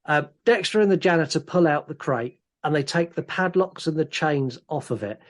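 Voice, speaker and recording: A man on a casual podcast, recounting the plot of a film with lively, sweary asides. His voice sits a touch higher than most men's. He talks as though chatting with a friend. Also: normal speed. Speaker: podcast co-host. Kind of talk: casual film review chat.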